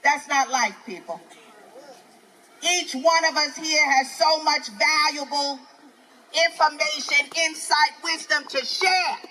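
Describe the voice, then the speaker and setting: A woman's voice: high-pitched, slow, sharp tone, slight background noise, poor audio. An older woman with a New York accent doing a live stand-up set, ranting in a brash, profane, preachy way. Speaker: stand-up comedian. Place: outdoor festival stage.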